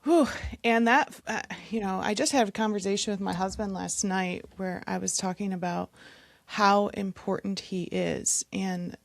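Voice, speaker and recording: Gravelly-voiced woman podcast host. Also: medium pitch, steady tone, normal speed, dry recording. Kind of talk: casual interview chat.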